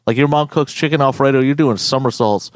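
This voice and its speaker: A young man hosts a casual podcast, his talk loose, profane and full of animated rants. His voice sits at an ordinary middle pitch. The sound is dry and close, with no room around it. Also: fairly quick, dry recording. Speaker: podcast host.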